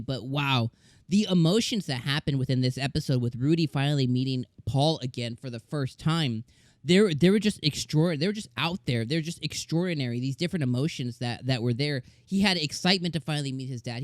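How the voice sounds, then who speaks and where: A man reviewing an anime episode in casual chat, excitable and gushing, often repeating words and restarting his sentences. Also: medium pitch, brisk, dry recording, clean studio sound.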